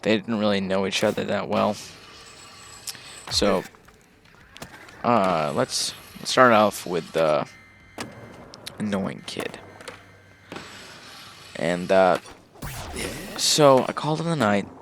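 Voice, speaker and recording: A man's voice: lowish voice, animated, takes it slowly, vocal fry, pauses often, fairly bright tone, slight background noise. A young man telling a casual story about his own life, rambling along with fillers and swearing.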